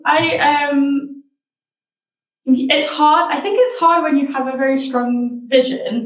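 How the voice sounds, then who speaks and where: Reflective woman, higher voice, roomy. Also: dull audio. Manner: reflective, searching for words as she talks. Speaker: guest, founder of a wellbeing social enterprise. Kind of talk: casual interview chat. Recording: roomy sound, mic at a distance.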